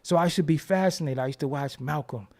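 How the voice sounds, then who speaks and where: Speaking quickly in a slightly high, somewhat mellow voice, this man hosts his own channel with a loose, foul-mouthed, meandering monologue. He performs quoted voices while telling his stories.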